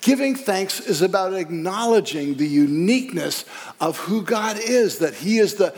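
A man's voice: sits high, animated, normal speed, darkish tone, long reverb tail. A man preaching a sermon in a conversational way that rises to emphatic peaks. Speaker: pastor.

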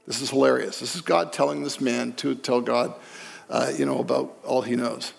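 A man's voice: mid-range voice, moderate pace, vocal fry, in a large hall, soft background music. A man preaching a sermon in a conversational way that rises to emphatic peaks. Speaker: pastor.

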